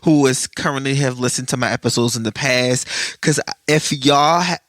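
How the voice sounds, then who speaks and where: A man's voice: medium pitch, moderate pace, fairly bright tone, no room sound. A man hosting his own podcast, chatting casually to his listeners in a sassy way, swearing freely and laughing often. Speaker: podcast host. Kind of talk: casual solo podcast chat.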